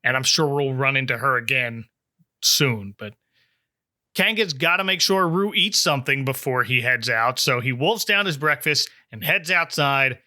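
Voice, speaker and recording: A man's voice: mid-range voice, lively intonation, moderate pace, sharp tone, no room sound, studio quality. A man hosting a podcast, recapping a cartoon special with informative asides and frequent chuckles. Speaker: podcast host.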